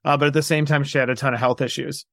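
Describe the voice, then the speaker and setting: Gravelly man telling animated stories. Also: medium pitch, very fast, dry recording, clean studio sound. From New York, USA. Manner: animated, acts out quoted dialogue. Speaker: guest entrepreneur. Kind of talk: candid storytelling interview.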